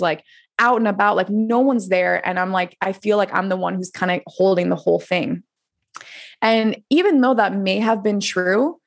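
Woman in her thirties from France, a candid podcast guest with a mid-range voice who chats loosely and swears. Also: medium pitch. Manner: candid and chatty, heavy use of "like", swears freely. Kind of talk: casual interview storytelling.

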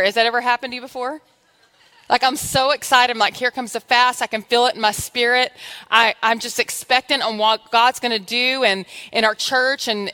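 A woman's voice: on the high side, sharp tone. A woman pastor giving a conversational, humorous sermon in church, exhorting her congregation.

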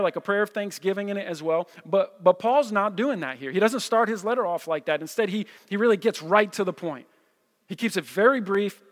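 This New Jersey pastor preaches a sermon in a church hall with a fairly high voice and a casual, conversational style. He repeats himself and keeps asking "right?" to pull the room in, while a long, echoing reverb rings around his words.

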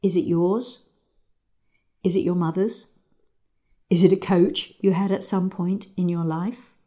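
Calm woman guiding a riding lesson. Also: lowish voice. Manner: calm, measured, guiding with frequent pauses. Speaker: riding instructor. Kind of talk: guided visualisation lesson.

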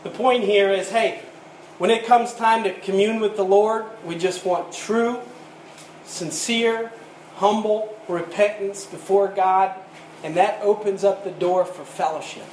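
A man's voice: high voice, steady tone, a little slow, a little mellow. A man preaching a sermon, reading old scripture aloud and retelling it as a plain story. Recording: echoey room with faint ambient noise.

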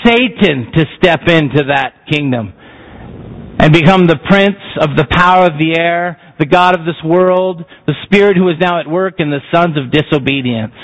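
A man's voice: fairly high pitch, moderate pace. A man preaching a sermon, emphatic and posing rhetorical questions to the congregation. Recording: muffled lo-fi sound.

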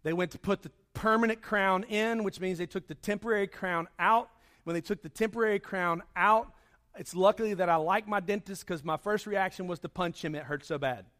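A man's voice: high voice, brisk, fairly bright tone. A man preaching a sermon to his congregation, telling a story conversationally and then raising his voice with emphasis. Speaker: pastor. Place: church service.

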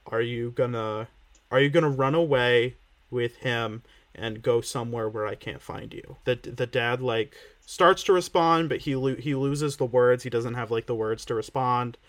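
A man's voice: mid-range voice, normal speed. A man co-hosting a casual podcast, recapping an episode with playful sarcasm and frequent laughter. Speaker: podcast co-host.

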